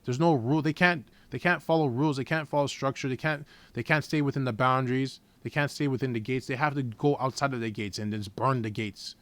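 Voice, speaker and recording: A man preaching informally from scripture in a blunt, profane, heated way, reading the verses slowly and deliberately. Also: medium pitch, a bit bright, dry recording. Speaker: scripture teacher.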